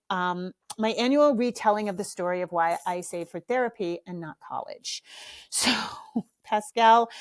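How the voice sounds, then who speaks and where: Animated, self-mocking middle-aged woman. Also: mid-range voice. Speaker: podcast host. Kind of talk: casual comic storytelling.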